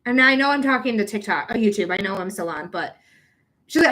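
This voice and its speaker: Expressive and fairly quick, her medium-pitched voice sounds pushed and bright. She's a psychic reader on a live stream, chatting casually and talking straight to viewers in a rambling, frank style full of swearing.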